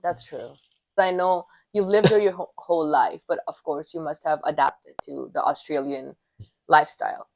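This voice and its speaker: A woman's voice: deep voice, moderate pace, vocal fry, darkish tone. A young woman from India with an Indian accent, hosting a podcast in a playful, teasing casual chat. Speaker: podcast host.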